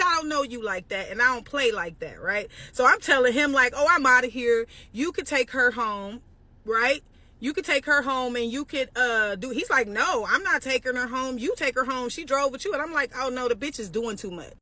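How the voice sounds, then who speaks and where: A woman telling a casual, profane storytime straight to her viewers. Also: a little high. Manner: animated and profane, addressing viewers as "y'all".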